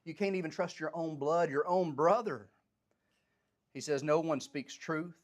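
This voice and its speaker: A man's voice: a little high, measured pace. A man teaching a Bible study, reading scripture aloud and then paraphrasing it in plain, everyday speech. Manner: animated, voices the prophet's complaints with rising intensity.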